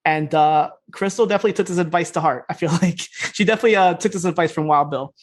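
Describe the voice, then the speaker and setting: Guy on a podcast rattling thru a show recap, talks real fast, loose and jokey. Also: fairly high pitch. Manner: fast, loose retelling with quick quoted voices and laughs. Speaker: podcast co-host. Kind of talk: casual recap chat.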